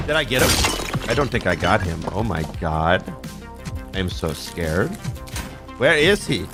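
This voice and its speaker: Swearing man over loud game music. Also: deep voice, very animated, a little slow, pauses often. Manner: swearing, sarcastic, jumpy reactions. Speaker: gamer playing a shooter. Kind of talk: casual gameplay commentary.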